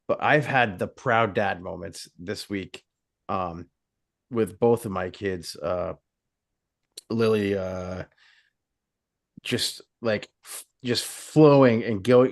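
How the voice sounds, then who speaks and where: Low-voiced man, hesitant, full of ums. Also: slow pace. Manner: hesitant, many ums and uhs. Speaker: podcast co-host. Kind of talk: casual chat. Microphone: video call.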